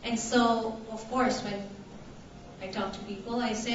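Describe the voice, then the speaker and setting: A woman from Tanzania raised in Canada, giving a conference talk, slow and hesitant with many fillers. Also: medium pitch, level tone, slight background noise. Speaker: conference speaker. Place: conference hall. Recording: distant, echoey, muffled hall recording.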